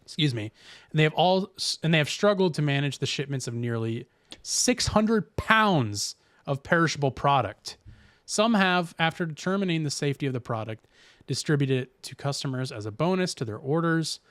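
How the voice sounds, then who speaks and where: A man's voice: fairly high pitch, lively intonation, moderate pace, a bit bright, no echo, clean studio sound. A man hosting a podcast in casual chat, rambling and reading news aloud with restarts. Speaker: podcast host.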